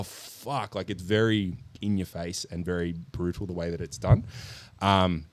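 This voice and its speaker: A man co-hosting a podcast, telling a film's story in an animated, sweary way with lots of ums. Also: on the low side, no echo. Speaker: podcast co-host. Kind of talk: casual podcast chat, movie review.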